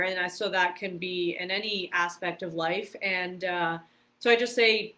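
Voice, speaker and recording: A woman guest on a podcast, telling stories in a lively, casual way, laughing often and using many fillers. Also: on the low side, unhurried. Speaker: podcast guest, karate competitor and stunt performer. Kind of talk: casual storytelling interview.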